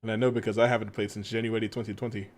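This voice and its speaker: A man live-streams a game and chats casually with viewers, swearing freely, laughing often and poking fun at himself. He speaks very fast in a fairly low, slightly mellow voice with little pitch movement.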